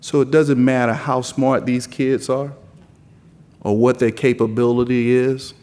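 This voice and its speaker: A man's voice: mid-range voice, flat delivery, unhurried, darkish tone, smooth. A man from South Carolina with a mild Southern drawl giving an impassioned keynote speech at a conference, building his points through rousing, repetitive lists. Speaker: conference speaker giving opening remarks. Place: large conference hall. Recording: long hall reverb from a conference hall.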